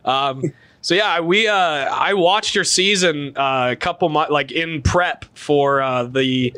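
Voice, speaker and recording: Bright, dry-voiced halting host. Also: male voice, fairly high pitch, clean tone, no room sound. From Canada. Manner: halting, many fillers and restarts, laughs easily. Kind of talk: casual interview chat.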